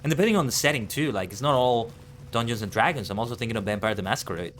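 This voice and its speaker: Quick-paced and expressive, this medium-pitched, slightly bright male voice comes with a little hiss or hum. A VTuber with a non-native English accent, he plays a game on a live stream, chatting casually and musing aloud in a rambling way.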